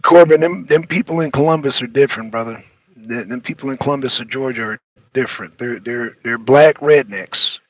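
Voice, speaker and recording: A man's voice: mid-range voice, fairly quick, dry recording, dull audio. A man hosting a casual livestream talk show, rambling and slangy, often repeating himself.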